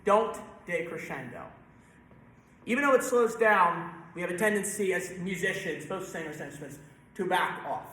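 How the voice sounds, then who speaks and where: A man conducting a string rehearsal, coaching briskly and singing parts with nonsense syllables. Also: sits high, expressive, bright, forceful tone. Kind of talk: rehearsal instruction. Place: church sanctuary. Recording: roomy church echo with instruments.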